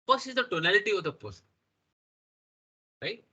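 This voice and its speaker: Indian English trainer, man, middle-aged, fairly high and slightly rough voice, keeps asking "okay?". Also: very animated, moderate pace, pushed and bright, highs cut off. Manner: talks to the audience with frequent "right?" and "okay?" checks. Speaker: workshop trainer. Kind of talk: interactive workshop lecture.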